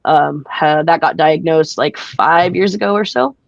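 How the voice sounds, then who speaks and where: A woman's voice: sits low, measured pace, vocal fry, dry recording, lo-fi sound. A woman being interviewed about her wrestling career, telling stories casually with frequent laughs. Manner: chatty, laughs often, acts out quotes. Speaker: guest wrestler.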